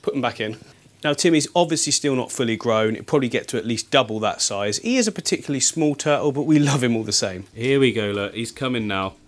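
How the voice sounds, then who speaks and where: A man hosting a fishkeeping vlog from his home tank studio, chatting eagerly to camera with frequent laughs, his voice deeper from the early morning. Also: lively intonation, fast. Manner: chatty and enthusiastic, laughs often. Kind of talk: casual chat to camera.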